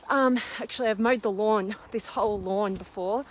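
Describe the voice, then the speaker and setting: At a moderate pace and medium pitch, a woman hosts a live stream while climbing a steep hill in a windy park, breathless but bubbly. She reads out viewer comments, filling gaps with lots of fillers, speaking into a phone camera held as she walks, with faint outdoor noise around her.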